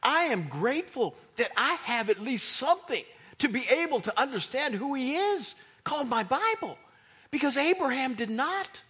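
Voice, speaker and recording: A man preaching a sermon as a pastor, animated and emphatic, with a slightly husky voice. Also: very high-pitched, normal speed. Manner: animated preaching, rising to near shouts for emphasis.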